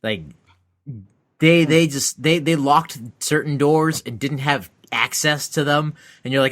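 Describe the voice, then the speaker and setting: A man's voice: a little high, unhurried. A man co-hosting a podcast, telling a long frustrated story in casual chat, swearing freely and acting out the people he met. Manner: animated ranting storyteller, swears a lot. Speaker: podcast co-host; convention exhibitor.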